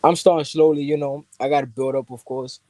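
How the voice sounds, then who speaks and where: A man's voice: fairly high pitch, steady tone, brisk, mellow, no echo. A nineteen-year-old man with a New York accent, an amateur boxer calling in to chat, easygoing and a little shy. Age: teens. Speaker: guest caller, amateur boxer. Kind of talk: casual chat.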